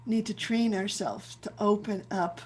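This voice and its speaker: A woman's voice: medium pitch, steady tone, unhurried, husky. A woman rabbi giving a reflective spiritual teaching on a video call, searching for words and repeating herself as she thinks aloud. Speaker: rabbi leading a chant session.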